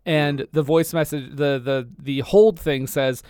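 A young man in his twenties co-hosting a podcast in a relaxed, joking chat. His voice is smooth and clear, a little high for a man. It is recorded close and dry. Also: measured pace, no echo. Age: 20s. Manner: laid-back, joking, casual swearing. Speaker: podcast co-host. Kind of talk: casual film chat.

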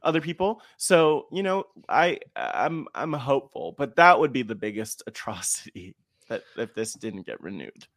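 A man's voice: medium pitch, very animated, normal speed, fairly bright tone, dry recording, clean studio sound. Chatty earnest man podcast co-host. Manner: earnest and chatty, with playful jokes. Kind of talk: casual podcast chat.

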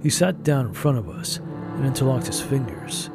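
A man narrating a first-person story in an even, measured way. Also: medium pitch, gravelly, music in the background.

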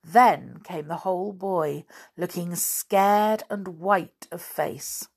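A woman reading a children's adventure book aloud in a measured storytelling manner. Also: lowish voice, creaky, breathy edge. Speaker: reader.

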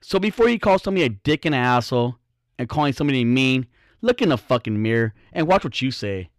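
A man's voice: mid-range voice, very animated, quick pace, no echo, studio quality. A man hosting his own podcast, ranting bluntly in a casual, profane, rambling way. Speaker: podcast host. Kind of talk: casual solo podcast rant.

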